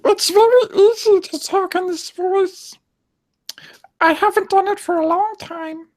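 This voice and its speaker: A man's voice: very high-pitched, steady tone, a little slow, voice pushed up, low-quality recording. A man voicing a bratty little boy from a cartoon. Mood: cheeky.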